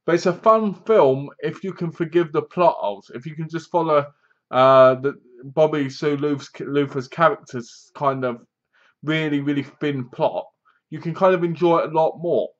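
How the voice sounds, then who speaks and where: A man's voice: on the high side, normal speed. Rambling man reviewing a film, lo-fi sound. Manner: rambling, loose, many restarts. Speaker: movie reviewer. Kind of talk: casual spoken film review.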